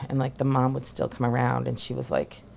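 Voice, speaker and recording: Low-voiced woman in her forties, gravelly. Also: level tone, a little fast, a little mellow, slight background noise. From Massachusetts. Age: 40s. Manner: chatty, laughing, many fillers like "like". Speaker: guest, teacher and former social worker. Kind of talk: casual interview chat.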